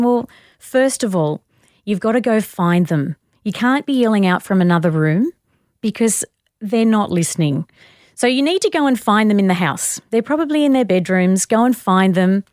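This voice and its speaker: A woman's voice: mid-range voice, a little mellow, no room sound, studio quality. An Australian woman parenting expert giving practical advice, acting out what to say to children. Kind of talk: advice in casual chat.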